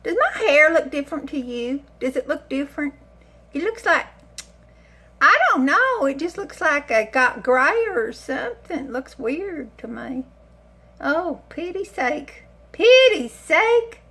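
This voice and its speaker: A high-pitched woman talks slowly and unhurriedly as she chats to her viewers from her home kitchen. She rambles, pokes fun at herself and wanders off topic in a relaxed, homey cooking vlog. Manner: rambling, chatty, self-mocking with frequent sighs and laughs. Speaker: cooking vlogger. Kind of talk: casual chat to camera.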